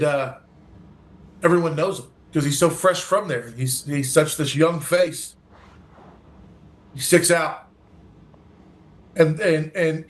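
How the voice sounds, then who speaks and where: A man with a slightly high voice, a guest from a recovery organization, tells an earnest story during an interview. He acts out dialogue and often restarts his sentences.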